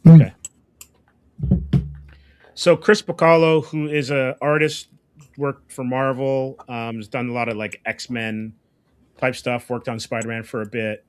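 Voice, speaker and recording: A man in a casual comic book chat, calmly explaining. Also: mid-range voice, normal speed, clean tone.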